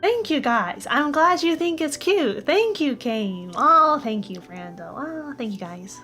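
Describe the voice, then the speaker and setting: Upbeat woman streaming, fairly high voice. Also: very animated, a little slow, bright, forceful tone, soft background music. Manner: upbeat, casual, thanks viewers by name. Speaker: streamer and animator. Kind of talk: live-stream chat.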